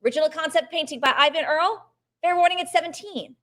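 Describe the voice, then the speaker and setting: High-voiced woman calling a live auction. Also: bright, forceful tone. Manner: brisk chanted bid calls, coaxing bidders, quick art commentary.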